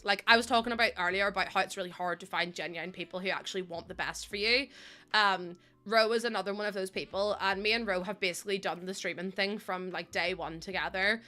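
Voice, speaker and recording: A young woman streaming a game, chatting casually and rambling to her chat with giggles and sudden excited bursts. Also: medium pitch, fairly quick, faint music behind. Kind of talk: casual live-stream chat while playing.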